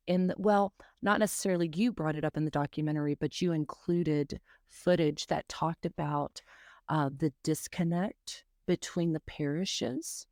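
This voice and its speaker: A woman's voice: deep voice, a little mellow, no echo. Chatty woman podcast host, dry sound. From North Carolina, US. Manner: chatty, many fillers and asides. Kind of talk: casual interview questions.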